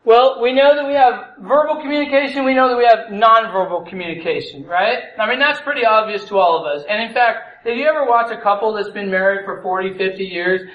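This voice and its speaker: High-voiced man preaching in an echoey room. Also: brisk, hardly any pauses, lo-fi sound. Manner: conversational, asks the audience questions; acts out story voices. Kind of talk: sermon on marriage.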